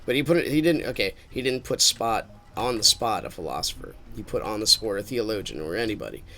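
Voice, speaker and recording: Lively, bright-voiced man streaming a game. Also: fairly low pitch, brisk, soft background music. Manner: rambling, thinks aloud, drifts into musings. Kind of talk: casual gameplay commentary.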